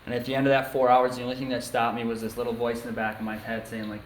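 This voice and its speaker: At a recovery meeting, a young man from New York State, USA, tells his own story to a small group, speaking frankly and casually with lots of ums and you-knows. His medium-pitched voice is completely flat and rapid-fire, with a little hiss or hum. The meeting room is echoey with faint ambience.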